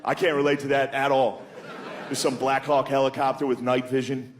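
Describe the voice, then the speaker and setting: A man doing a crude, casual stand-up comedy set, calling the audience dude and jumping into loud, high character voices. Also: little pitch movement, normal speed, some chatter behind.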